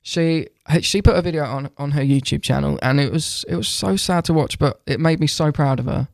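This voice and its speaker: A man co-hosting a podcast in casual, upbeat chat, chiming in with quick agreement. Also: fairly high pitch, vocal fry, no echo, clean studio sound. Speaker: podcast co-host.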